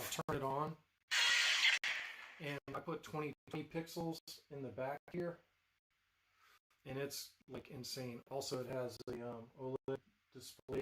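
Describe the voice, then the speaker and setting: The recording is rough, and the man's voice is mid-range as he casually chats on his live stream. He shows off his builds, rambling with frequent fillers and restarts.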